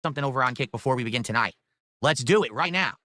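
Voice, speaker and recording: A man's voice: medium pitch, lively intonation, rapid-fire, bright, forceful tone, no room sound, studio quality. A man hosting a live stream, upbeat and pushing viewers to donate. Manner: upbeat hype, reads donations aloud. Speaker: streamer host.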